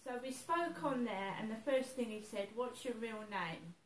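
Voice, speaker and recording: A woman talks to her camera in a worried, halting way and circles back over the same points. She sounds a little far from the mic, and the room around her is echoey with faint background noise. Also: on the high side, lively intonation. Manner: worried, repeats herself, hesitant. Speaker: vlogger. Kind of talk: anxious personal vlog.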